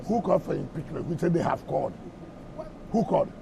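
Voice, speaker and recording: A man's voice: a little high, lively intonation, fast talker, vocal fry, mellow, a little hiss or hum. A middle-aged Nigerian man answering reporters at a press briefing, combative and firing off repeated rhetorical questions. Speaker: government minister at a press briefing.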